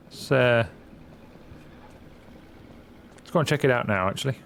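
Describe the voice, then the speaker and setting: A man's voice: medium pitch, fast talker, vocal fry, fairly bright tone, slight background noise. Chatty man narrating his gameplay. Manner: chatty, reads game dialogue aloud, jokey asides. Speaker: gaming channel host. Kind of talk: casual game commentary.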